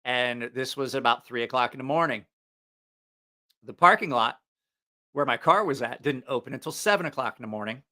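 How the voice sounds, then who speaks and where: Bright-voiced, rambling live-stream host, a man. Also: medium pitch, moderate pace, pauses often. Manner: rambling, profane, laughs at his own stories. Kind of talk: casual storytelling on a live stream.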